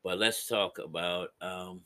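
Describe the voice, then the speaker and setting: Fervent low-voiced male preacher. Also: steady tone, a little slow. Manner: impassioned, swings from loud to hushed. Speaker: podcast host and Christian counselor. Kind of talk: preaching-style podcast talk.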